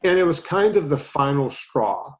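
A man with a slightly high-pitched voice hosts a podcast and spins a long personal story. His telling is casual and animated, and he keeps slipping into retold back-and-forth conversations. The pace stays easy and chatty. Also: moderate pace, rough recording. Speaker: podcast host.

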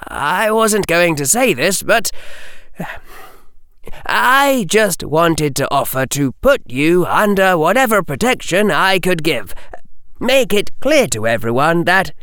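Man voicing an earnest boy wizard, higher up, lots of ups and downs, dry sound. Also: sing-song, takes it slowly, a bit bright, clean tone, no room sound, exaggerated voice. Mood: earnest, intense. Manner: earnest, intense. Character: earnest, intense boy wizard, about twelve.

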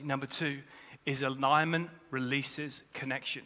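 A man's voice: medium pitch, level tone, normal speed, hardly any pauses, pushed and bright. A man, a pastor, preaching a sermon in earnest, repeating key phrases for weight. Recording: long reverb of a large hall.

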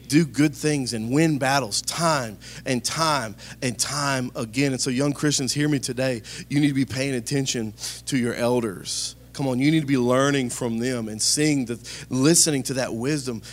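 A male pastor preaching to his church. His voice sits a little higher than most men's, and he talks to them like family before building to emphatic calls. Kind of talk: sermon.

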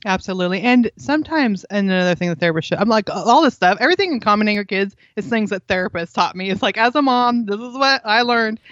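Her mid-range voice is lively, a bit bright, and fast, with hardly any pauses, as this middle-aged woman tells earnest stories on a parenting interview, acting out quoted lines and laughing often. The recording is dry and lo-fi.

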